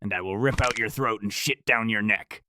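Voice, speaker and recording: A man voicing a sleeping woman possessed by an ancient thing, speaking slowly in a calm, certain, wrong-sounding voice. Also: on the low side, background noise, close to an everyday voice. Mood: menacing.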